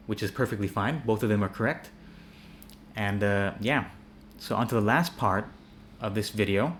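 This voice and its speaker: A man teaching English pronunciation in a relaxed, repetitive style, often checking in with "yeah?". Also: fairly low pitch, a little hiss or hum. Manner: relaxed, repeats words and asks "yeah?" often. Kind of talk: casual spoken lesson.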